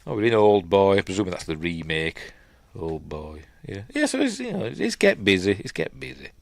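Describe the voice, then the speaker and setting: A man's voice: low voice, sing-song, moderate pace, creaky, dry recording. A middle-aged man with a Yorkshire accent, casually recapping and reviewing a film in a rambling, chatty way full of fillers and asides.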